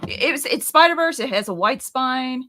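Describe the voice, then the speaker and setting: A woman who teaches, co-hosting a live question-and-answer chat in a playful, animated way. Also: sits high, normal speed. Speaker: co-host, teacher.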